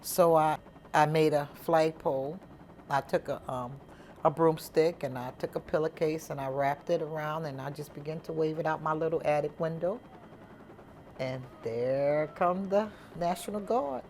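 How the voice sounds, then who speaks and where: A woman, telling her own story in an animated, informal way and acting out the dialogue. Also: sits low, normal speed, slight background noise. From New Orleans, USA. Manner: animated, acts out the dialogue, informal Southern speech. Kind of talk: personal storytelling.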